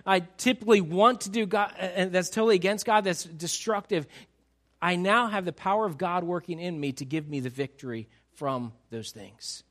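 A man preaching a sermon to his congregation, animated and emphatic, teasing the crowd and acting out quotes. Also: high voice. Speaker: pastor.

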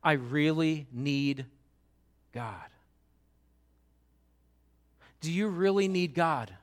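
A middle-aged male pastor preaching with a high-pitched voice. He drops low and slow for tender moments, then rises to loud, pressing questions. His sermon delivery is conversational and earnest. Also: lively intonation. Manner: swings from hushed and slow to loud and emphatic.

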